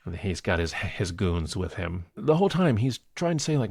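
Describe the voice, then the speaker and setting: A man co-hosting a movie podcast, retelling film scenes in a casual, animated way and laughing often. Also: low-pitched, moderate pace, creaky, husky, no room sound, studio quality. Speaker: podcast co-host. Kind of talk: casual movie review chat.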